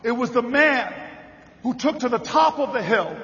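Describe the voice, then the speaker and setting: High-voiced man giving an impassioned speech. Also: animated, a little slow, bright, forceful tone. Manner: storytelling, building to rally cries. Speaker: politician giving a convention speech. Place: large convention hall. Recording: reverberant hall, dull sound.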